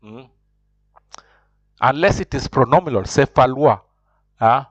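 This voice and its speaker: A man's voice: medium pitch, expressive, measured pace, no room sound. Emphatic man teaching a language lesson, dull sound. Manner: emphatic and repetitive, checks in with "huh?". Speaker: French teacher. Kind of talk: language lesson with repetition drills.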